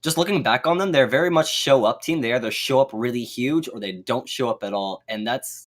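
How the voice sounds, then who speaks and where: A man's voice: mid-range voice, brisk. A man co-casting a live esports match, joking around and rambling with filler words. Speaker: esports co-caster.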